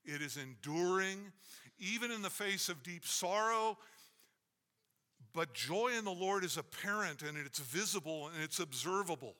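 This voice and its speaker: A man's voice: high-pitched, animated, measured pace, sharp tone. A man preaching a sermon as a pastor, emphatic and repetitive in his cadence. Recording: long reverb of a large hall.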